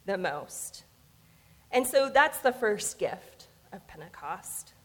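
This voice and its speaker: A woman's voice: fairly high pitch, fairly bright tone. Southern woman preaching in a reverberant hall. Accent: Southern American. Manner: informal storytelling with asides. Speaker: pastor. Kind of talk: conversational sermon. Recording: long reverb of a church hall.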